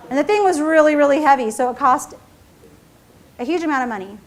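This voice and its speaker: A middle-aged businesswoman telling a story at a seminar in a high, quick voice. She's chatty and self-mocking, laughing at her own mistakes and checking in with the audience as she goes. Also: animated. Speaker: entrepreneur and CEO giving a seminar talk. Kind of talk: storytelling keynote talk.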